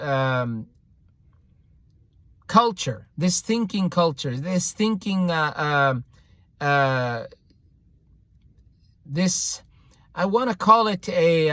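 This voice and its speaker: A man's voice: sits high, a bit bright, no room sound. A man from Eritrea reading a history book aloud and commenting on it earnestly, often hunting for words. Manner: earnest, searching for words, repeats himself.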